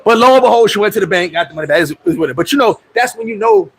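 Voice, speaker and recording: A man hosting a casual livestream, telling stories in a profane, animated way, with loud outbursts, and answering viewer comments. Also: high voice, rapid-fire, breathy edge, poor audio. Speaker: livestream host.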